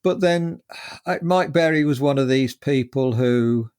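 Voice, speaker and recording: A man's voice: mid-range voice, a little slow, darkish tone, clean tone. An English man in his seventies, a guest musician telling chatty, rambling stories with lots of fillers. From England. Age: 70s. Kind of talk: casual anecdotal storytelling.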